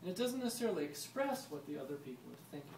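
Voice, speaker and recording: A man's voice: on the high side, very animated, racing. A man giving a live talk and demonstration to a group of visitors, explaining in a chatty way and quizzing the audience. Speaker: historical music presenter. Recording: roomy, distant mic, ambient noise.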